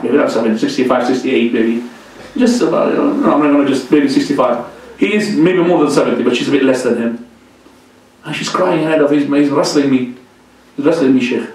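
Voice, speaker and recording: Animated preacher in a very echoey hall. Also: male voice, a little high, recorded from a distance. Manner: animated, joking, repeats religious exclamations. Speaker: sheikh giving a talk. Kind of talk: informal mosque lecture with questions. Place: large mosque hall.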